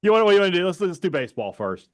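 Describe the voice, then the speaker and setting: A man hosting a sports talk show, his voice pitched a little high and swinging up and down a lot as he tells stories. He talks in quick animated bursts. The sound is dry and close, with no room around it. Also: dry recording. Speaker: sports radio co-host. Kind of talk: casual sports talk chat.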